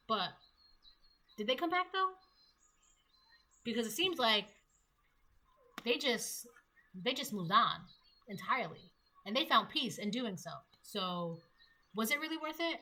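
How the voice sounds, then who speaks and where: A woman's voice: fairly high pitch, sing-song, measured pace, long pauses, pushed and bright. A woman giving a casual tarot reading, chatty and acting out the voices she quotes. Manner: chatty, acts out quoted voices, laughs at own jokes. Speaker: tarot reader.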